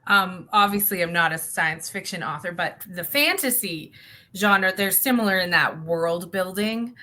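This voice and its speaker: A woman's voice: on the low side, lively intonation, unhurried, bright, forceful tone. A woman hosting a podcast, talking conversationally with fillers. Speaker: podcast host. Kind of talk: podcast interview.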